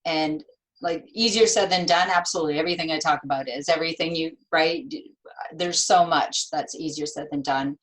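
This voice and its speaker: Earnest, expressive lower-voiced woman. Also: moderate pace, rough recording. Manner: earnest, expressive, acts out quoted dialogue. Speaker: guest, registered nurse and author. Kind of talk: interview conversation.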